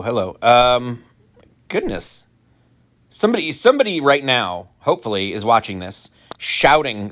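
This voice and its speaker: A man giving casual, rambling commentary while playing a game, full of ums and restarts, with animated mock-indignant asides. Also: medium pitch. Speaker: gaming channel host.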